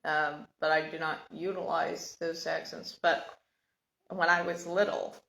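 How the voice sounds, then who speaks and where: A woman speaking in a slightly low voice, talking through her own life story in a loose, reflective monologue. She stops often and searches for her words. The room around her rings with noticeable echo. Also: flat delivery, a little slow, creaky, a bit bright. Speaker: podcast host sharing personal story. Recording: echoey room.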